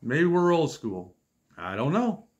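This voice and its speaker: A man in his fifties telling funny stories about his friends in a casual, exasperated, deadpan way, with wry asides. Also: a little high, slow, dull audio. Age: 50s. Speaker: storyteller vlogger. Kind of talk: casual comic storytelling.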